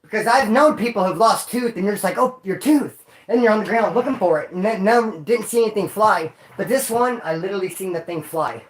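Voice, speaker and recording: A man's voice: high voice, a little fast. Slangy rambling man, roomy echo. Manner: rambling and slangy, repeats phrases. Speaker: livestream host telling prison stories. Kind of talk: casual storytelling.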